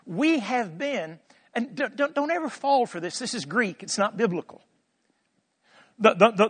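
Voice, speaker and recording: High-voiced man preaching emphatically. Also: lively intonation, measured pace, breathy edge, in a large hall. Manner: emphatic, swings between soft and loud; asks rhetorical questions. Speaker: preacher teaching scripture. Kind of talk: sermon.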